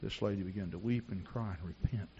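A man preaching a sermon in a church, telling personal stories and rising to shouts at the climax. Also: deep voice, brisk, highs cut off, slight background noise. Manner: storytelling preacher who builds to shouting.

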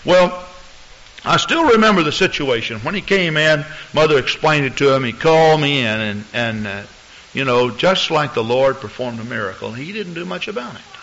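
A man preaching a sermon as pastor, telling stories in an animated way and acting out the people in them. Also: fairly high pitch, normal speed. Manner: animated storytelling preacher, acts out voices. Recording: muffled lo-fi recording.

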